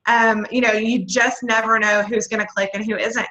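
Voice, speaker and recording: A woman talks through a video call, her voice high and bright. She coaches her sales team with folksy, energetic encouragement and laughs often. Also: moderate pace, poor audio. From Texas. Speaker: network marketing leader. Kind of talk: motivational team training call.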